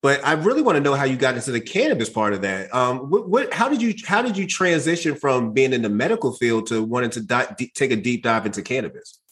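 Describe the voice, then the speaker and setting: A man hosts an interview in a relaxed, chatty way. He is slightly out of breath and stumbles into restarts as he asks his questions. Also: mid-range voice, quick pace. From Boston. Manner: loose and chatty, with many restarts. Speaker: podcast host. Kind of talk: casual interview chat.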